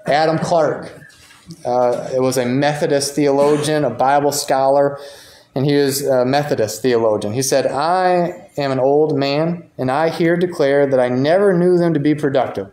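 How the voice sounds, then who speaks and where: A man's voice: medium pitch, fairly even intonation, moderate pace, a little mellow. A man teaching a church Bible class in a conversational way, reading quotations aloud and commenting on them. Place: church meeting room. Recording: roomy echo.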